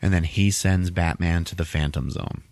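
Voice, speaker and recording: A man's voice: deep voice, fairly even intonation, moderate pace, a little mellow, no echo. A man hosting a podcast, casually retelling a movie plot and laughing often as he quotes the characters. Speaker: podcast host.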